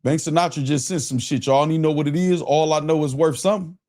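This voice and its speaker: A young man runs his livestream in relaxed, slang-heavy talk, calling out names from the chat as they come in. His voice sits a little on the high side. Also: quick pace. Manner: loose and slangy, reading out chat shout-outs. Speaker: livestream show host.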